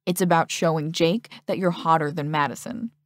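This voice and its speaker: A woman's voice: low-pitched, fairly even intonation, normal speed, no echo, clean studio sound, natural voice. A woman voicing a teasing teenage boy, smug and taunting.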